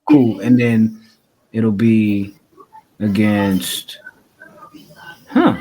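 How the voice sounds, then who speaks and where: A man co-hosting a podcast in relaxed, slangy casual chat, often agreeing with his co-host. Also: fairly low pitch, drawn-out words.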